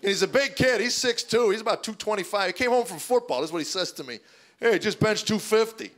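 A middle-aged man doing stand-up, telling deadpan stories and acting out his kids' voices before a live audience. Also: high voice, fast talker. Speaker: stand-up comedian. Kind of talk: stand-up comedy routine. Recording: live show with audience noise.

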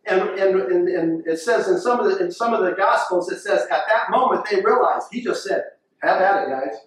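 A man's voice: high voice, fairly quick. A man giving a sermon, telling stories and acting out the people he quotes. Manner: storytelling, acts out quoted voices. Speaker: pastor. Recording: echoey room, voice from far off the mic.

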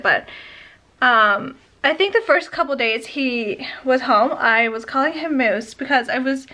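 High-voiced, unhurried woman vlogger. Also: pushed and bright. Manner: rambling, hesitant, full of ums; coos in a high voice at her puppy. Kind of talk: casual chat to camera.

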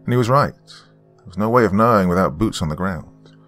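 A man narrating a horror story in an expressive, scripted storytelling way. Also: low-pitched, brisk. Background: faint background music.

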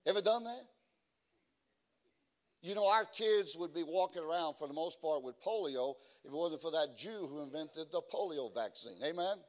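Man, guest preacher, sermon, slightly high voice, halting with fillers, rises to shouted emphasis. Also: animated. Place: church.

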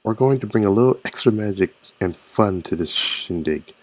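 A man's voice: lowish voice, expressive, normal speed, a little hiss or hum, close to an everyday voice. A man reading a scheming young prankster. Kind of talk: reading game dialogue aloud.

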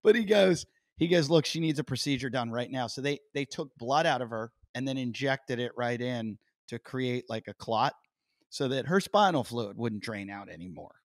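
A middle-aged man hosting a podcast, telling stories in a casual, animated way and acting out quotes. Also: medium pitch, moderate pace, no room sound, clean studio sound. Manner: animated storyteller, acts out quotes loudly. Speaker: podcast host. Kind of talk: casual interview chat.

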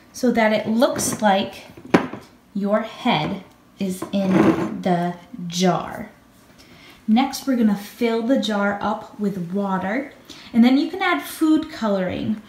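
A woman teacher explaining a craft project to children step by step. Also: a little high. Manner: slow, step-by-step instructions. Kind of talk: craft demonstration for kids. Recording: echoey room, faint noise.

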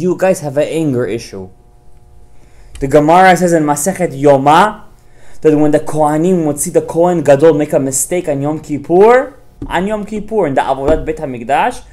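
A man's voice: fairly high pitch, a little mellow. A man, a rabbi, giving a Torah class to parents, firing rhetorical questions at his listeners and dropping Hebrew terms into his talk.

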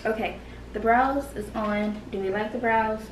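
A young adult woman co-hosting a casual chat, animated and questioning, recorded from a distance in an echoey room. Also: on the high side, a little slow. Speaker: co-host. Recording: echoey room, mic far off, noisy.

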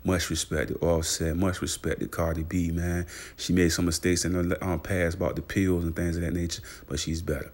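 A man hosting a casual celebrity news vlog, repeating fillers and shout-outs and hyping his viewers. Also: little pitch movement, a little fast, few pauses. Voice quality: gravelly low voice. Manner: repetitive hype with constant fillers and shout-outs. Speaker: channel host.

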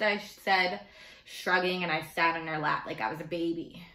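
A woman teacher reading a novel aloud to children in a steady, expressive way. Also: low voice, measured pace, echoey room.

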